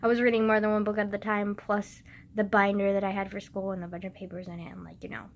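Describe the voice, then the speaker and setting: A woman's voice: medium pitch, level tone, fast, highs cut off. A young woman rambling in a casual vlog, self-mocking and swearing often, with lots of fillers. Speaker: vlogger.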